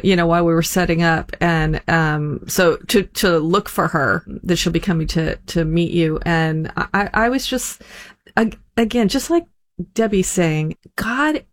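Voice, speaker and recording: A woman guest telling a personal story in a halting way, with frequent restarts. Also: on the low side.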